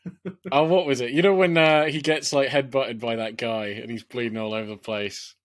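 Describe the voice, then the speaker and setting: A man's voice: medium pitch, steady tone, normal speed, no room sound. A man with a mid-range voice chats casually on a film podcast, joking and agreeing with the others. His sound is close and dry. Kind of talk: casual film review chat.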